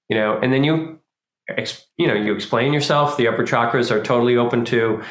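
A man giving an informal spiritual talk, animated and acting out small quoted scenes as he explains. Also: mid-range voice, normal speed. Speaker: spiritual teacher. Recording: roomy echo.

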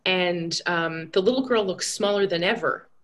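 A woman's voice: lowish voice, normal speed. A woman recounting a vision journey in a rambling, hesitant and earnest way, with many fillers and restarts. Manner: earnest and reflective.

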